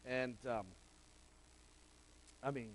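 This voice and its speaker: A man's voice: medium pitch, fairly even intonation, very slow, poor audio. A middle-aged man preaching a sermon in a conversational, direct way, speaking straight to the men in the room. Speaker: pastor. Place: church sanctuary.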